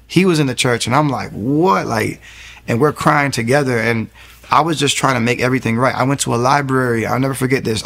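A man in his thirties, giving an earnest faith testimony as a guest in fast storytelling with many restarts. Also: mid-range voice, vocal fry, a bit bright.

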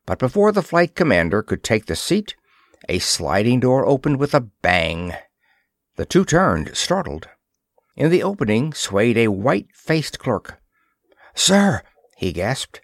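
Male narrator for an old-style sci-fi audiobook, animated delivery, dry close mic. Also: on the low side, dry recording. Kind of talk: scripted narration of a pulp sci-fi story.

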